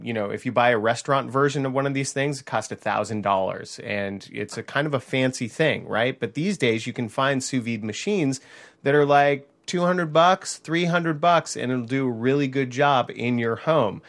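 A man, a technology reporter, chatting on air in a small kitchen and explaining things in a relaxed, easygoing way. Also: medium pitch, moderate pace. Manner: chatty, explanatory, laughs easily. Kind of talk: casual on-air chat.

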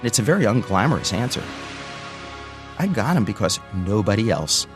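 A man in his sixties tells a personal story, his voice sitting on the low side. He is animated and acts out the people he describes. Soft guitar music plays faintly underneath. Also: moderate pace.

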